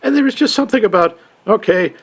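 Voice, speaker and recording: A man's voice: high-pitched, lively intonation, fast talker. A man co-hosting a movie podcast, wry and fond of puns as he jokes through a review. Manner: wry, punning, jokey. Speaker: podcast co-host. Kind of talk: casual movie review chat.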